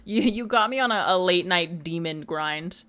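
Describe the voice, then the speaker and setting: During a late-night gaming livestream, a woman in her mid-twenties chats casually and teases her viewers. Her voice is lowish and a bit bright, at normal speed.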